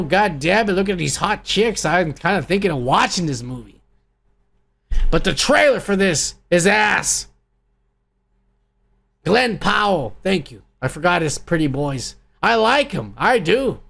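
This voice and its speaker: Gravelly, foul-mouthed man ranting. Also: high-pitched, fairly bright tone. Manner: angry, crude, swears constantly. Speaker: podcast host. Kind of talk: profane ranting movie review.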